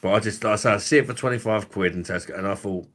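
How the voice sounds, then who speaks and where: A man's voice: on the low side, very fast, a bit bright. A man, hosting a drinks review livestream in a rambling, profane, laughing way. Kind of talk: casual livestream chat.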